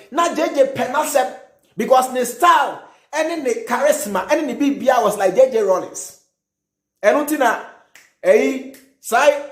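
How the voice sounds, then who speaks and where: A Ghanaian man, a prophet, giving fiery, emphatic commentary and mixing English with Twi, repeating his points for stress. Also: very high voice. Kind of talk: impassioned commentary. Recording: roomy echo.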